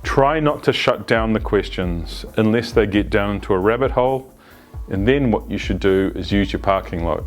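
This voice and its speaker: Faint music plays behind this agile coach as he talks through an unscripted lesson for his video series. His voice sits on the low side and his pace is moderate, and he keeps restarting phrases and slipping in asides.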